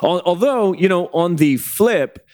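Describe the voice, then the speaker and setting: A man's voice: high-pitched, unhurried, dry recording, clean studio sound. A man hosting a podcast, chatting casually about games and film news. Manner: relaxed, conversational. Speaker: podcast host.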